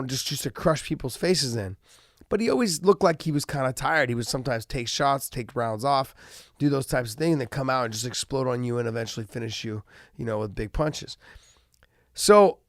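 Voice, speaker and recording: A man's voice: a little high, dry recording, clean studio sound. A man hosting casual fight commentary, talking loosely with many restarts and fillers, jet lagged and tired. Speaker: host of fight analysis show.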